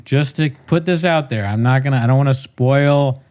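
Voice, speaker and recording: A man's voice: medium pitch, normal speed, darkish tone, clear, resonant tone. Laughing, profane podcast co-host man. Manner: rambling, profane, laughs often. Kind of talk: casual chat.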